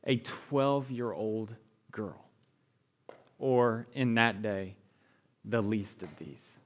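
A man's voice: fairly low pitch, drawn-out words. A male pastor giving a conversational sermon, often asking "right?" and acting out the people in the story. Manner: conversational preaching, asks the room "right?", animated retellings.

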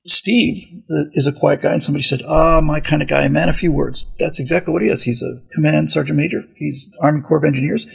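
A podcast host with a slightly high, very gravelly and raspy voice is heard on a low-quality recording. He rambles through a casual monologue, often restarting sentences and wandering into asides.

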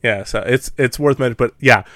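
A man co-hosting a casual podcast about a film, animated and laughing often. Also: mid-range voice, a little fast, no echo, studio quality. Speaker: podcast co-host. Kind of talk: casual movie discussion.

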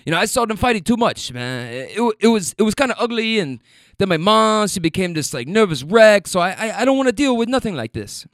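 A man's voice: high-pitched, big pitch swings, fairly quick, fairly bright tone, no echo, clean studio sound, pitched above the performer's own voice, heavily acted. A man voicing a single forty-year-old passenger with an imitated South American accent, repeating words and restarting sentences. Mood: candid. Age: 40s.

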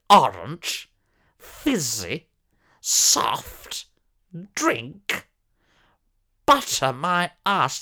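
A man's voice: medium pitch, a bit bright, full character voice. A man playing a pompous, posh older former soap actor who tells a comic monologue in a plummy, theatrical voice with sudden shrieks.

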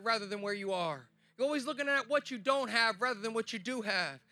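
A young man giving a sermon on a festival stage, telling stories and building to loud, emphatic preaching. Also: very high voice, a little fast, few pauses, dry recording. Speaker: speaker at a Christian festival.

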